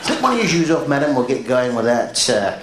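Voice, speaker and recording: A man's voice: mid-range voice, big pitch swings, a little fast. A man performing an absurdist stand-up comedy routine on stage, full of quizzical questioning hums. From England. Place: theatre stage. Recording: live show with roomy echo and audience noise.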